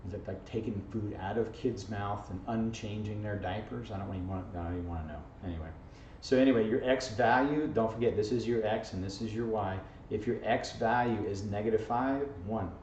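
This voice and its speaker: A lowish-voiced man teaching algebra in a playful, joking way, checking in with the class every few lines. He is caught from across a roomy, echoing space. The sound is dull and a little muffled, with a faint hiss behind it. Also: normal speed, few pauses, a little mellow. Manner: jokey, playful, full of "okay?" and "right?". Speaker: math teacher. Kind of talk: informal video math lesson. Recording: echoey, distant, dull camera audio with faint hiss.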